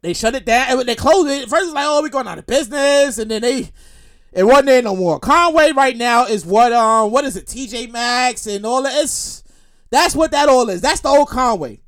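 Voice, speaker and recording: A man's voice: extremely high pitch, normal speed. A man from Brooklyn with a New York accent, hosting a podcast and telling profane, repetitive stories in a casual monologue. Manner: animated, profane, repetitive storytelling. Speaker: podcast host.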